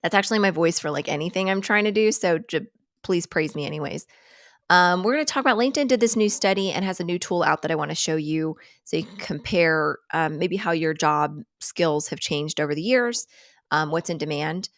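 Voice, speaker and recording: A woman hosting a relaxed live chat show in a rambling, jokey, self-mocking way, laughing often. Her voice sits a little low for a woman. The sound is close and dry, with no room echo. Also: a little fast. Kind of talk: casual livestream chat.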